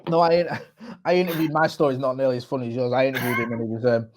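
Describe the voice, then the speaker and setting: A young English man co-hosting a podcast, trading quick, teasing, sweary banter. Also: medium pitch, level tone, slight background noise. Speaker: podcast co-host. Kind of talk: casual chat.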